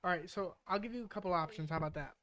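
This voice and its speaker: A woman's voice: on the low side, very fast, crowd noise. A woman hosting a podcast in casual chat, joking and swearing freely as she runs a word game. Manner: joking, swears freely, laughs while reading. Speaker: podcast host.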